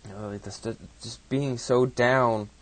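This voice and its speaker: A man telling a personal story casually, in a halting, profane way with many restarts. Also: medium pitch, steady tone.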